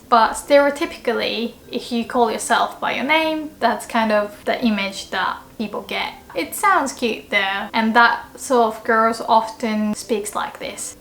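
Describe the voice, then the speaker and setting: A woman teaching in a casual video lesson, lively, sometimes jumping into cute character voices for her examples. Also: a little high, echoey room. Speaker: Japanese language teacher.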